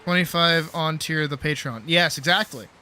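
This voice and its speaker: A man's voice: on the high side, moderate pace, bright, forceful tone, slight background noise. A man chatting casually while streaming a game, playful and rambling, swearing now and then. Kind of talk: casual gaming livestream chat.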